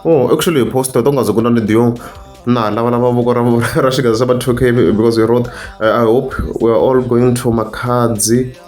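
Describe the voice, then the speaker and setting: A man talks casually over social media posts, humming and musing as he goes. His voice sits in an ordinary middle pitch. Faint music plays underneath. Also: steady tone, moderate pace, a little mellow. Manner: mixes English and Tsonga, hums and muses aloud. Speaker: entertainment commentator. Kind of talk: casual commentary while scrolling social media.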